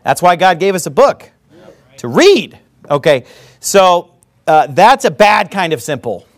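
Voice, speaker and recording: A male pastor with a high, animated voice preaches a sermon, his pitch jumping up and down. He blends scripture with mocking jabs and laughter while keeping a measured pace.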